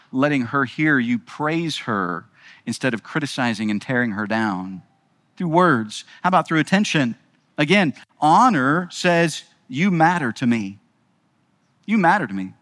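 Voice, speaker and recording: A middle-aged man preaching a sermon, repeating key phrases with emphasis and moving between quiet, intimate lines and raised, urgent ones. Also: medium pitch, lively intonation, moderate pace, no room sound. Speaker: pastor.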